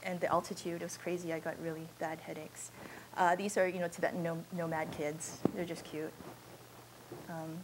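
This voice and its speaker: A woman's voice: fairly low pitch, level tone, normal speed, background noise. A woman photojournalist giving an informal slideshow talk in a university auditorium, speaking in a candid, conversational and unpolished way.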